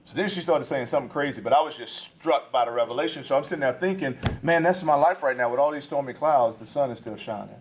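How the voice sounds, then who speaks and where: A man giving a storytelling sermon to college students, casual and slangy, animated as he tells stories from his family life. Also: fairly high pitch, quick pace, hardly any pauses, slight background noise. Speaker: guest speaker at a campus ministry. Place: live talk to students.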